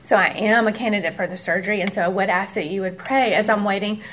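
A woman's voice: medium pitch, steady tone, fast talker, fairly bright tone. A woman in her forties tells a personal testimony to a church group, earnest and conversational. She acts out the voices of others as she goes. A faint hiss of noise sits under her voice. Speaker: speaker sharing a testimony.

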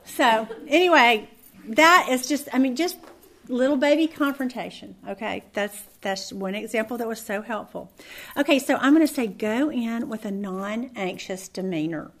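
A woman's voice: a little high, normal speed. Chatty woman teaching Bible study. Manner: chatty, animated storyteller with fillers and restarts.

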